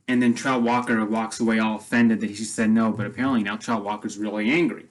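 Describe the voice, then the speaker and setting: A man's voice: lowish voice, fairly even intonation, quick pace, few pauses, low-quality recording. A man casually retelling a story, rambling, with lots of fillers and repeated phrases.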